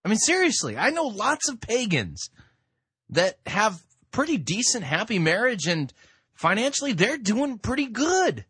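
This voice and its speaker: Male host, exasperated critic, husky, animated intonation, dry close sound. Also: sits high, unhurried, no room sound. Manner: sarcastic, exasperated. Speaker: podcast host reviewing sermons. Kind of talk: critical commentary.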